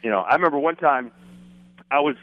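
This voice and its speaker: A man's voice: fairly high pitch, fairly quick, no echo, highs cut off. A man and former wrestling announcer, chatting casually as a podcast guest and acting out the quotes in his stories. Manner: animated storyteller, acts out quotes. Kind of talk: casual podcast chat, storytelling.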